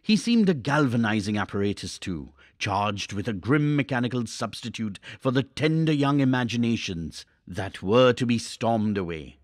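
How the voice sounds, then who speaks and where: A man reading a classic novel aloud for a class, measured and expressive. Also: medium pitch, no room sound, studio quality. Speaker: teacher.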